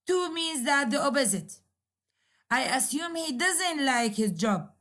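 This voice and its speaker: A woman lecturer explaining English grammar slowly, repeating key points and modeling example sentences. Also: high voice, very animated, fairly bright tone. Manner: slow, repetitive explaining with examples.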